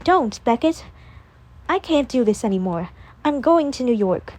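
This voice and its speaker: A woman's voice: fairly high pitch, animated, a little slow, darkish tone. A woman voicing a grieving young woman rehearsing a farewell scene, in an earnest, pleading manner.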